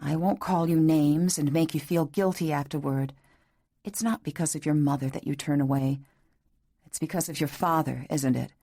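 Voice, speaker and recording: A woman doing a hushed, tender young husband. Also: low voice, fairly even intonation, normal speed. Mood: pleading. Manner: hushed, whispering. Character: tender, insistent young husband speaking low.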